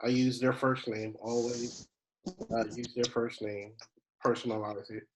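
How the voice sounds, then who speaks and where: A man of medium pitch walks through a training session over a screen share, chatting casually and thinking aloud as he clicks. Faint noise and mouse clicks sit under his voice on a computer microphone. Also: little pitch movement, measured pace. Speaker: travel agent giving a training.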